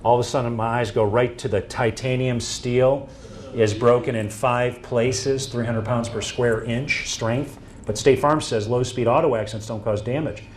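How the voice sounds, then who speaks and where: A man giving a presentation to an audience, telling stories and acting out quoted dialogue in an animated way. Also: medium pitch, moderate pace, slight background noise.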